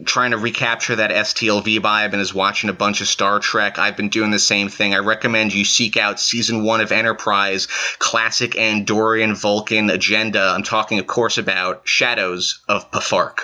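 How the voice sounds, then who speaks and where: A man's voice: fairly low pitch, level tone, normal speed, few pauses, sharp tone. A man guesting on a podcast, chatting casually and joking around playfully. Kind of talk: casual chat.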